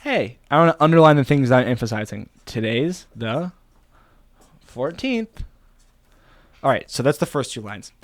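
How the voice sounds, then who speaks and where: A man's voice: medium pitch, fast, hardly any pauses, no room sound. A young man vlogging casually, thinking aloud in a rambling, playful way. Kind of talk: casual talking to camera.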